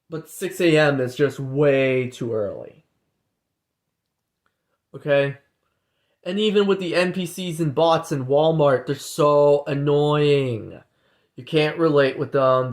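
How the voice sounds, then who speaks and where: A man with a fairly high voice vlogs in a casual, rambling rant. He repeats himself constantly and tacks "okay?" or "guys" onto nearly every point. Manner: repetitive, says "okay?" and "guys" after most points; mocks others in higher put-on voices. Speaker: vlogger.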